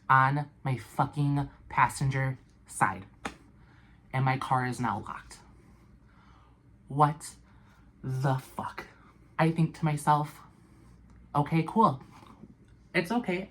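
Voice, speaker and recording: A young woman vlogger telling a storytime tale in a casual, animated way, full of fillers and swearing. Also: very deep voice, slight background noise.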